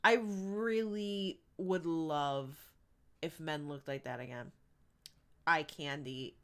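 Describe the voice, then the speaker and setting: Slow-talking, giggly woman streamer. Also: mid-range voice, fairly bright tone. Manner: chatty, giggly, rambling. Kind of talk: casual live-stream chat while gaming.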